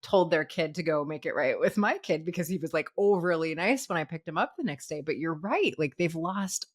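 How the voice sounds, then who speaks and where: A woman in her forties chats casually as a podcast co-host, her voice sitting slightly low. She talks loosely with plenty of fillers and laughs often, now and then acting out other people's voices. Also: expressive, brisk. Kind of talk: casual chat.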